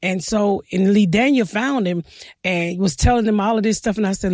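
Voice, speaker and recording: A woman's voice: mid-range voice, normal speed, no echo, clean studio sound. A woman stand-up comedian speaking, telling blunt stories in an interview and acting out what she said. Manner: blunt, storytelling, quotes herself in animated bursts. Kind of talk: casual interview talk.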